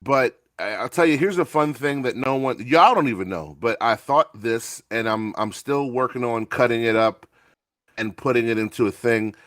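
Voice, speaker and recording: A man speaking casually at a mid-range pitch, sometimes stumbling and restarting before he launches into a story. He voices the people he quotes as he goes. The sound is dry and close, with no room around it. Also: normal speed, fairly bright tone, dry recording. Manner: storytelling, acts out quotes, frequent stammered restarts. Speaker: guest author. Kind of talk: casual podcast chat.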